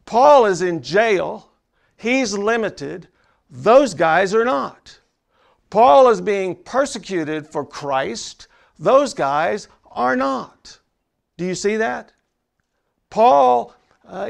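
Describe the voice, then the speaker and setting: A man's voice: sits high, gravelly. A man preaching a sermon as a pastor, emphatic and conversational, with asides to the congregation in church.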